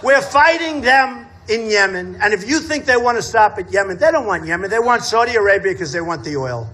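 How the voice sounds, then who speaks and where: Boastful man shouting at a rally. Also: sits high, expressive, fairly quick. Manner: boastful, repetitive, often shouting. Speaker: political candidate. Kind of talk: campaign rally speech. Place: outdoor state fair rally.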